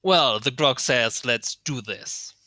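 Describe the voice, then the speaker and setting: Man voicing a cocky half-orc wrestler, speaks of himself in the third person, slow, bright. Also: medium pitch, dry recording, clean studio sound. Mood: boastful.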